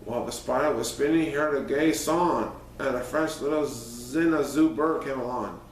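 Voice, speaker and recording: A man's voice: medium pitch, moderate pace, slight background noise. A man in a playful cat persona reads a rhyming picture book aloud in a sing-song way. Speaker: storyteller in a cat costume persona. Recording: roomy, distant mic, faint ambience.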